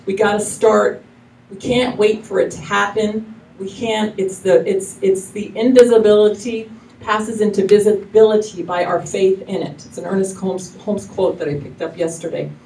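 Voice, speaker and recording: Preaching to a live congregation in a church hall, a woman minister delivers a casual, effusive sermon, rambling loosely and often restarting her sentences. Her medium-pitched voice is gravelly and warm, steady in tone and moderately paced. The mic is far off, so the hall sounds echoey, with faint noise.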